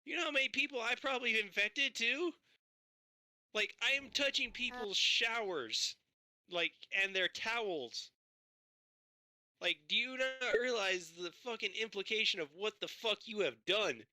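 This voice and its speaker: A man telling a story in casual chat on a livestream, animated and swearing, acting out both sides of a conversation. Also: sits high, unhurried, no echo.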